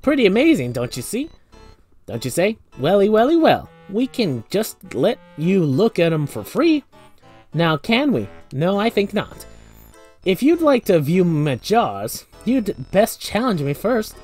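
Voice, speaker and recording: A man's voice: sits high, very animated, unhurried, darkish tone, faint music behind, voice pushed up, exaggerated voice. A young man voicing a cocky male jar-collecting ghost, taunting and theatrical. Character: cocky pot-dwelling male ghost, British-style mate talk.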